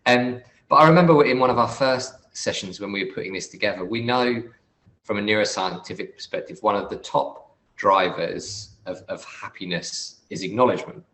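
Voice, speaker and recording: Man, webinar moderator, lowish voice, halting restarts, echoey room. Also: a bit bright. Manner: halting, repeats words as he thinks. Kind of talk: conversational panel moderating. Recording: roomy echoey sound.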